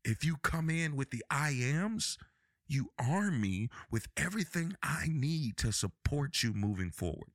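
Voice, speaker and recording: A man's voice: medium pitch, very animated, a little slow, no room sound, clean studio sound. A man hosting a relationship advice podcast, talking emphatically and repeating phrases to drive his points home. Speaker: podcast host.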